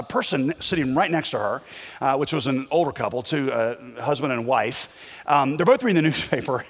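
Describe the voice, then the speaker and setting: A man's voice: on the high side, big-room sound. A male pastor telling a personal story in a casual, self-deprecating sermon style.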